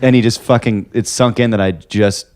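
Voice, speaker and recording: A man's voice: on the low side, moderate pace. A man, a comedian, telling a story in casual chat with frequent laughter. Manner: lively, laughs often.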